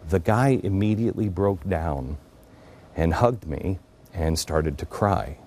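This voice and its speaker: Low, dark-voiced male talk host. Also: takes it slowly. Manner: earnest, confiding, with sudden drops to a hush. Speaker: radio and TV show host. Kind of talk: monologue storytelling.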